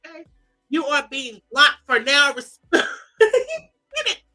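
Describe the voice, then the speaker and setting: A high, bright woman's voice, reading celebrity posts aloud and reacting with sass. She swings into mock wails and drawled asides as she comments. Faint music plays under her voice. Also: takes it slowly, poor audio. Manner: animated, sassy, mock-crying, drawling asides. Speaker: commentary host.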